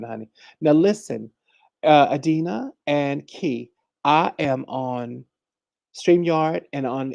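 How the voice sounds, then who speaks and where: A man's voice: medium pitch, gravelly, darkish tone, no room sound. A man hosting a casual livestream, chatting and teaching, greeting viewers by name and calling everyone honey. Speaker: livestream host and conjure teacher.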